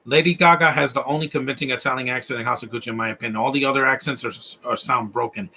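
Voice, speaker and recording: A man with a Latino accent hosts a casual live stream, chatting about films while they play. He rambles and keeps restarting his sentences, and he gets worked up about bad accents. His voice is bright and a little husky. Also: mid-range voice, fairly even intonation, quick pace. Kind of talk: casual film commentary.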